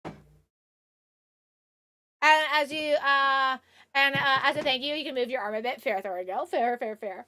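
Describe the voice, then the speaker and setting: A woman's voice: high-pitched, steady tone, unhurried, pauses often, sharp tone. A young woman from Canada, chatting casually with viewers on a live stream, full of fillers and restarts.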